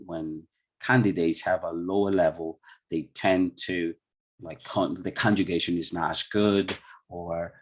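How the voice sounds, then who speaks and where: Man, Colombian Spanish accent, online workshop trainer, low-pitched, husky, chatty, over a video call. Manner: chatty, many restarts, quizzes the audience.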